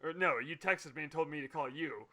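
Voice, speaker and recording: A man's voice: fairly high pitch, brisk, sharp tone. A man, a podcast co-host, chatting casually and jumping in with playful riffs. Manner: laughs easily, jumps in with playful riffs. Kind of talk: casual chat.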